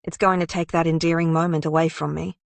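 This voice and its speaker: A woman's voice: low voice, little pitch movement, quick pace, creaky, no echo. Woman narrator doing a guarded, clever young woman; short answers, dry close read. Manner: terse, defensive. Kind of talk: audiobook character reading.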